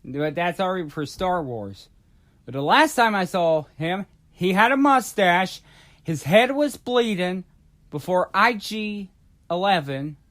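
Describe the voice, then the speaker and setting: Male vlogger, high voice, unhurried, halting casual rant with lots of fillers. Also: expressive, fairly bright tone. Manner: rambling, halting, many fillers and restarts. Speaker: YouTube vlogger.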